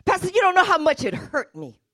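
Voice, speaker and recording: Aggrieved churchgoer, put on by a woman pastor, high complaining voice. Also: huge pitch swings, fairly quick, a bit bright, exaggerated voice. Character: hurt, resentful churchgoer, adult.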